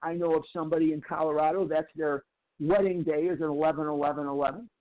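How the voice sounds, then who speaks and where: High-voiced man with tinny, phone-like sound. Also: steady tone. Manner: slow, emphatic repetition of phrases. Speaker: twelve-step recovery speaker. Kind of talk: storytelling lecture.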